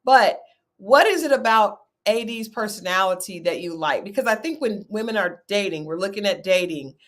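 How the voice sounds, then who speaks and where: A woman's voice: mid-range voice, normal speed. Chatty woman hosting a recap. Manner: chatty, animated, leads with questions. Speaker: host. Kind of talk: casual recap chat.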